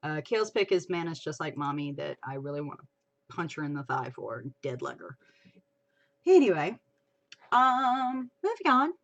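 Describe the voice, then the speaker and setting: A woman hosting a casual livestream chat, chatty and expressive, swearing casually. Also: sits low, normal speed. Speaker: livestream host. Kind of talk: casual chat about fan fiction.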